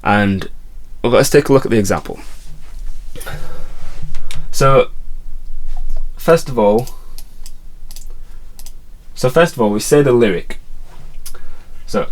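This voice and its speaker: A man explaining how to set lyrics to a melody in a relaxed online music lesson, counting beats aloud. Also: medium pitch, takes it slowly, pauses often. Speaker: guitar and songwriting teacher.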